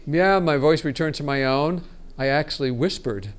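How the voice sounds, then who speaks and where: A man teaching a workshop on storytelling in a relaxed seminar style, talking casually and often restarting his sentences. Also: a little high, moderate pace, clear, resonant tone. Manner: chatty, frequent restarts and laughs. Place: conference meeting room.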